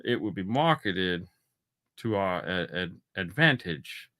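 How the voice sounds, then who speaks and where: A man's voice: sits low, takes it slowly. A man co-hosting a casual podcast chat, telling stories and slipping into imitation voices. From Florida. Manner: animated storyteller, slips into imitation voices. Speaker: podcast co-host.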